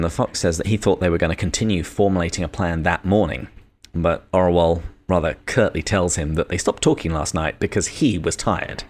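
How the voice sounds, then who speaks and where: Deep-voiced British man discussing a book. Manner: measured, reads quotations aloud. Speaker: podcast co-host.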